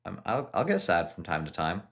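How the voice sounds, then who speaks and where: A man in his thirties streaming casually and reading viewer questions aloud. He answers in a relaxed, hesitant way with frequent restarts. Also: low-pitched, a little fast, gravelly. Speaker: fitness streamer answering live chat. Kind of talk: casual live-stream chat.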